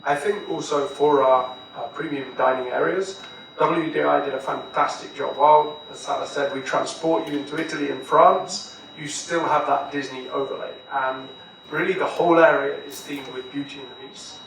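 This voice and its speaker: A man on a live panel explains things to the crowd in an easy, relaxed way. His voice is a touch high and gravelly. It rings out from a distance in a very echoey space. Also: moderate pace. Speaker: dining manager on a panel. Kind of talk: panel talk to a live audience. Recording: echoey hall, distant mic, faint noise.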